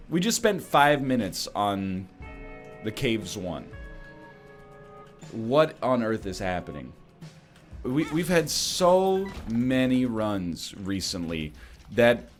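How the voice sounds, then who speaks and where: Rambling man commentating a game. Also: medium pitch. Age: young adult. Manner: rambling, self-deprecating, jumps to exclamations. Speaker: gaming commentator. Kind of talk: casual let's-play commentary. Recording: faint music behind.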